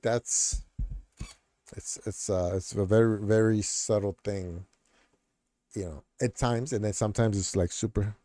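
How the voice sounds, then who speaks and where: A middle-aged man on a casual stream, speaking in a somewhat low, warm, mellow tone. He rambles, circling back with fillers and restarts. The sound is close and dry, with no room around it. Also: no echo. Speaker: streamer host. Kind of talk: casual chat.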